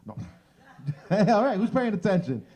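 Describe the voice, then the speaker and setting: A man hosting a stand-up comedy show in a bar, animated and acting out bits. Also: high-pitched, normal speed, slightly rough. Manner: animated, shifts into exaggerated voices for bits.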